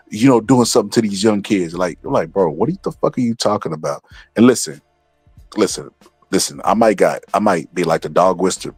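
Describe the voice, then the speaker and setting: A man's voice: sits low, breathy edge, dry recording. A man hosting a casual commentary, rambling and swearing as he talks through stories and acts out what others said. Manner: rambling and profane, acts out quotes. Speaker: commentary channel host.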